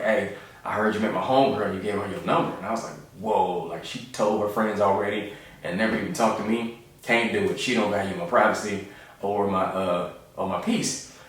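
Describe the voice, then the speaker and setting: A man in his thirties, a comedian telling stories in a relaxed, joking way and acting out the voices of the people in them. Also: lowish voice, brisk, very echoey, distant mic. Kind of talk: casual storytelling monologue.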